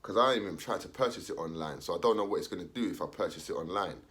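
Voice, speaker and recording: A man's voice: low-pitched, rapid-fire, fairly bright tone. A young man, talking casually in street slang, ranting his opinion and acting out the voices of others. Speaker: commentator.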